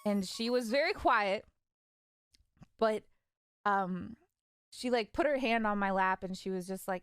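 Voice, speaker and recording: A young woman streamer casually telling stories about her parents, animated and laughing, acting out their lines. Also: mid-range voice, a little slow, long pauses, clear, resonant tone, no echo, clean studio sound, faint music behind. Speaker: vtuber streamer. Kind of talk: casual storytelling.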